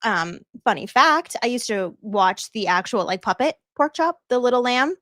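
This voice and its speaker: A woman's voice: on the high side, lively intonation, normal speed, bright, forceful tone, no echo, studio quality. A woman with a Boston accent hosting a casual livestream, bubbly and effusive as she thanks viewers and laughs often. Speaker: livestream host. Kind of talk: casual live-stream chat thanking viewers.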